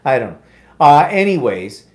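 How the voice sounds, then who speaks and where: A man's voice: a little high, sing-song, moderate pace, a little hiss or hum. A middle-aged man with an Ontario Canadian accent, co-hosting a casual live chat in a wry, self-deprecating way. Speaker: co-host.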